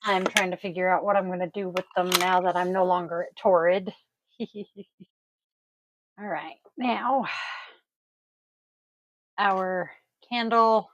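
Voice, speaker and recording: A woman's voice: fairly low pitch, steady tone, slow pace, pauses often, dull audio. A woman chatting casually to her viewers while setting up a tarot reading, sleepy and groggy, easygoing and self-deprecating.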